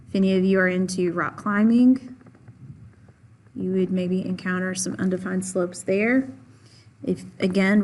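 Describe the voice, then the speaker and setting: Female math teacher, patient, leans on key words, mid-pitched. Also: a little hiss or hum. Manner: patient, repeats and stresses key points; asks questions of the class and answers them herself. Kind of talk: classroom lesson.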